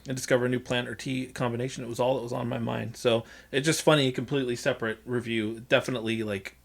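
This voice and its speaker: Chill podcast cohost, laughs a lot, mid pitch, casual chatting. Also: flat delivery, fast, gravelly. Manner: laughs often, reads aloud from a review. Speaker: podcast co-host. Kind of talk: casual chat.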